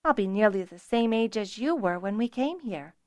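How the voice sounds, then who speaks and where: A woman's voice: mid-range voice, lively intonation, normal speed, darkish tone, no echo, clean studio sound, natural voice. A woman reading a shy, lovesick young girl rider who pipes up and blurts things out. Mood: eager.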